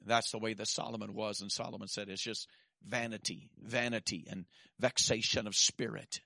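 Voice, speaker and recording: A man preaching a sermon, swinging from shouted peaks to quiet asides and dropping in "amen.". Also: lowish voice, little pitch movement, normal speed, creaky, no room sound, clean studio sound.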